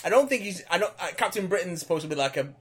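A man co-hosting a casual podcast chat about film casting, playful and quick with jokes. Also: sits high, lively intonation. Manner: playful, riffs in put-on voices. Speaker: podcast co-host.

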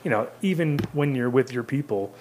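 A middle-aged man in casual conversation who tells long, wandering anecdotes. He mimics other people's voices as he goes, in a mid-pitched tone. A faint hum of room noise sits behind him. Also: lively intonation, fairly quick, darkish tone. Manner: rambling storyteller who acts out quoted voices. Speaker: cannabis seed company guest. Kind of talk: casual podcast chat.

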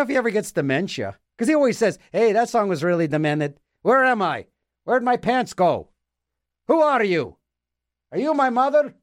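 A man's voice: sits high, dry recording, studio quality. A man hosting a radio show, rambling in a playful, self-mocking comic monologue, tripping over words and repeating them as he argues with himself. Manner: talks to himself in back-and-forth mock dialogue.

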